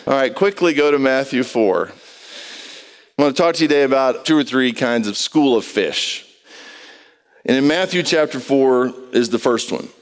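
Male preacher, mid-range voice, smooth and resonant, conversational storyteller working the room, recorded in a big echoing hall. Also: mid-range voice, lively intonation, normal speed. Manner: storytelling, quizzing the congregation. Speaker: pastor. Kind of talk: conversational sermon. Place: large church hall with a congregation. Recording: long reverb of a large hall.

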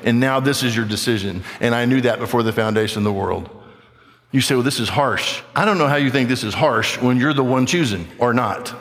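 A man's voice: medium pitch, fairly quick, fairly bright tone. A man preaching a sermon, emphatic and preacherly, reading scripture aloud to the congregation. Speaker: pastor. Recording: long hall reverb.

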